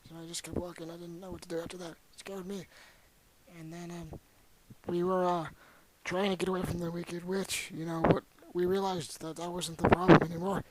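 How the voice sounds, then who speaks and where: A young man voicing a boastful, rambling ancient old man who tells a crude, excitable tall tale in an amateur comedy bit. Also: high-pitched, fairly quick, background noise, pitched below the performer's own voice, lightly acted.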